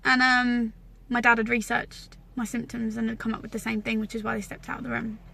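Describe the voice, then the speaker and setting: A woman's voice: fairly high pitch, completely flat delivery, a little fast, gravelly, sharp tone. Candid young English woman vlogging. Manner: candid, wry, emotional at times. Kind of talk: personal storytelling to camera.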